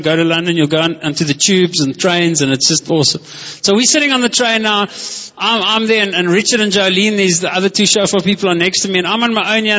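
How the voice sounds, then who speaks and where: Pastor, male, high husky voice, enthusiastic story-led preaching, dull lo-fi recording. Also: sharp tone. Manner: enthusiastic, storytelling, calls out to the congregation. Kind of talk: conversational sermon. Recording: echoey hall, dull lo-fi sound.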